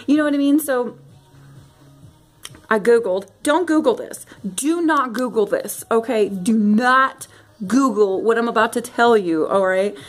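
A young woman vlogging a casual rant to camera at home, animated and giggly with lots of fillers. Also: fairly high pitch, a little slow. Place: home, near bathroom.

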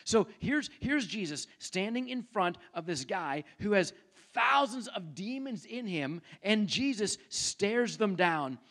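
A man's voice: high-pitched, very animated, slow, hardly any pauses, a bit bright. A man preaching a sermon in a church, telling a story conversationally and speaking directly to the congregation. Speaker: pastor. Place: church sanctuary.

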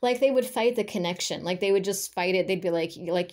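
A woman's voice: on the low side, fairly quick, few pauses, darkish tone. A woman giving a casual spiritual energy reading to her viewers. She rambles, leans heavily on fillers and talks bluntly, with swearing. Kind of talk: casual spoken reading to camera.

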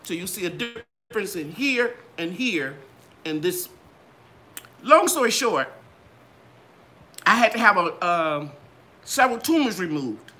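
Lively sing-song older woman host. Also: a little slow, pauses often, slight background noise. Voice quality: bright, trained singer's voice. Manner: animated, sing-song ups and downs in pitch. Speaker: gardening channel host. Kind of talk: live Q and A chat.

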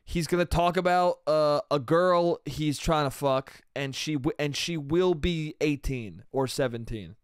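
A man's voice: fairly high pitch, measured pace, hardly any pauses, smooth, dry recording, clean studio sound. A man hosting a solo comedy podcast, rambling crudely and saying "dude" and "bro" constantly. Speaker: podcast host.

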